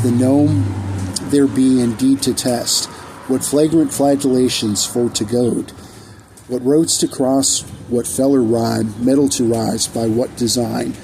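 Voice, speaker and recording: A man with a dark, mellow voice recites his own rhyming poetry, and his delivery is measured and steeped in archaic phrasing. He sometimes stops and restarts a line. Faint noise and passing traffic sit under the voice. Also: medium pitch, fairly even intonation, gravelly, rough recording. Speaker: poet.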